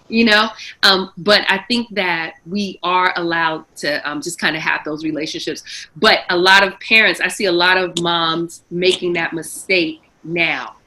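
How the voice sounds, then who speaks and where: A woman's voice: lowish voice, fairly even intonation, normal speed, sharp tone, poor audio. A woman in her forties, a mother, speaking in a conversational, reflective way in a casual panel chat.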